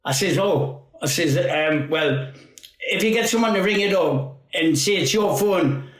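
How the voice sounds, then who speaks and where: A man's voice: high-pitched, lively intonation, unhurried, a bit bright, reverberant, poor audio. Geordie man telling laughing anecdotes. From North East England. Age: 50s. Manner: laughing, rambling anecdotes with acted quotes. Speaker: guest footballer. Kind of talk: storytelling anecdotes.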